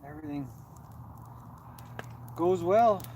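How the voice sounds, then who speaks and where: A man with a Canadian West Coast accent chats casually on a livestream, rambling along with plenty of fillers. His voice sits slightly high. Traffic and animal sounds come through clearly behind him. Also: slow. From Canada, West Coast near Vancouver. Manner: relaxed, rambling, many fillers. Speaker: co-host of a livestream. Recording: noisy background with animals and traffic.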